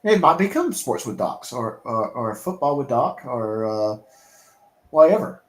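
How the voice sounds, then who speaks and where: A man's voice: mid-range voice, very animated, unhurried, roomy sound, low-quality recording. A man hosting a casual talk show, speaking in an easygoing, rambling way with many fillers. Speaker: podcast host. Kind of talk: casual chat.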